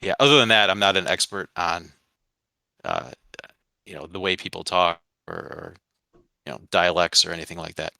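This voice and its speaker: A man's voice: low voice, normal speed, gravelly, pauses often, sharp tone, no room sound. A man from the Midwest with a Michigan accent, co-hosting a sports podcast in a rambling, chatty way with many asides. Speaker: podcast co-host. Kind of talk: casual sports podcast chat.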